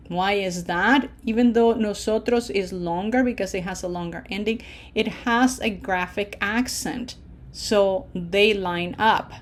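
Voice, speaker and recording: A woman teaching a language lesson over slides, patient and deliberate, checking in often and stretching out her vowels when she models words. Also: mid-range voice. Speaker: Spanish teacher.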